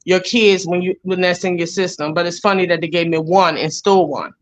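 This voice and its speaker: A woman's voice: fairly low pitch, fairly even intonation, a little fast. A woman with a Jamaican accent telling her story as an interview guest, blunt, profane and rambling.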